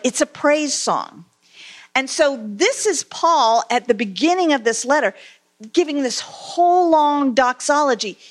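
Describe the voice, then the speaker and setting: A woman giving a conversational sermon, asking her listeners questions and reading scripture aloud, with frequent pauses and fillers. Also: high-pitched. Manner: conversational, asks the congregation questions; halting, many fillers. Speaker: preacher.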